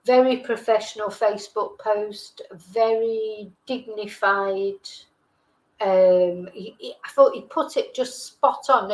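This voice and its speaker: A middle-aged woman from England, speaking in a mid-range voice on a rough recording, hosts a live stream. She chats casually and reads viewer comments, rambling and hesitant, with lots of fillers and corrections of herself.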